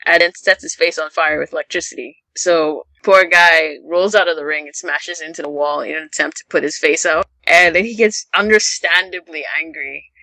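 Bright, wry podcast host. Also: mid-range voice, steady tone, normal speed, few pauses, dry recording, poor audio. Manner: wry, sarcastic storytelling. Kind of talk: casual recap chat.

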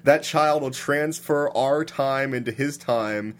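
A man's voice: medium pitch, slow. Guy rambling thru a movie plot on a podcast, lots of "like", laughs a lot. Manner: animated storyteller, many "like"s, laughing at absurdity. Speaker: podcast co-host recapping a film. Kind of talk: casual chat.

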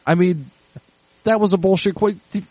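A man's voice: high-pitched, unhurried, darkish tone, no echo. A man hosting a podcast in casual chat, ranting and cursing. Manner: ranting, profane. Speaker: podcast host.

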